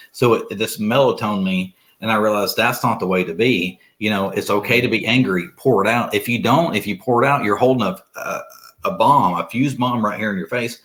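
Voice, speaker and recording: A middle-aged man with a fairly low voice speaks earnestly in relaxed conversation. He rambles a little and often restarts his sentences as he works through his thoughts. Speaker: podcast guest. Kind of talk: casual conversation.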